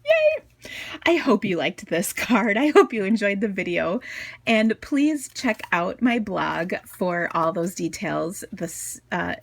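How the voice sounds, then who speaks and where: A woman's voice: medium pitch, animated, unhurried, creaky, no room sound. A chatty woman in her forties with a Minnesotan accent, hosting a crafting tutorial from her basement home office in a bubbly, gushing way. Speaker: crafting video host.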